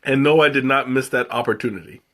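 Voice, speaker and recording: A man's voice: medium pitch, fast, fairly bright tone. A man hosting a live tea tasting, chatting casually and rambling with many fillers and restarts. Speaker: livestream host tasting tea.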